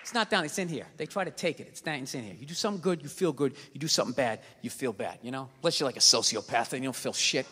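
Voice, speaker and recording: A man doing a stand-up comedy routine on a theater stage, ranting and swearing, swinging from mutters to shouts. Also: mid-range voice, lively intonation, quick pace, hardly any pauses, a crowd in the background, noisy background. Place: large theater stage with live audience. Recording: live hall with audience.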